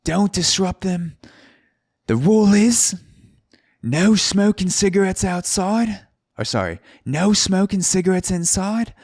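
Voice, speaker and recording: A brash Australian bartender barks out the house rules, blunt and foul-mouthed, as a man puts him on. The voice jumps well above the man's own low voice and comes out loud and pushy. Bossy and crude. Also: lively intonation, a little slow, dry recording, studio quality, exaggerated voice. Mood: bossy, announcing. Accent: put-on Australian.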